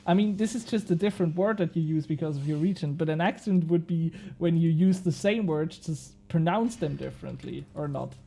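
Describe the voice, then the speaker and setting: A man's voice: a little high, a little fast, creaky, few pauses, warm tone. A young man streaming a game, chatting casually and bantering with his chat, swearing now and then.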